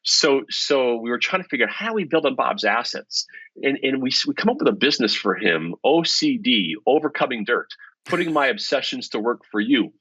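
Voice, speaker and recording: A middle-aged man, a professor and podcast guest, telling stories in an animated, self-deprecating way. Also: medium pitch, a little fast, husky, dry recording. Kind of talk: storytelling in conversation. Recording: dull lo-fi podcast audio.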